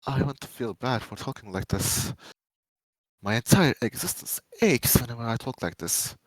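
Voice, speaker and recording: A man giving a dramatic reading of fan fiction, a first-person monologue, swinging between menacing loud lines and hushed pleading ones. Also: medium pitch, expressive, moderate pace, no room sound, low-quality recording.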